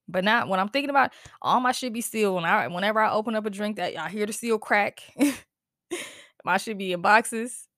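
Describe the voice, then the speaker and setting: In a casual solo podcast rant, a woman host sounds fired-up and profane, venting with heat and animation, punctuated by laughs and sighs. Her voice sits in the mid-range, and the sound is clean studio quality with no echo.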